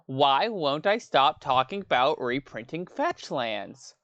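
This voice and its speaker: A man doing an impression of a male online card-game professor, in a slow, drawn-out, mock-solemn delivery. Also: medium pitch, very animated, a bit bright, no room sound, muffled recording, full character voice.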